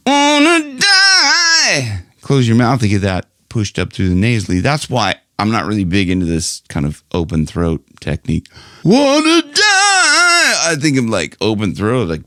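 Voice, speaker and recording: A middle-aged man teaching singing in a casual, chatty online lesson, who keeps breaking into loud nasal sung demonstrations. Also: sits low, normal speed, hardly any pauses, no room sound, studio quality. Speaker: vocal coach.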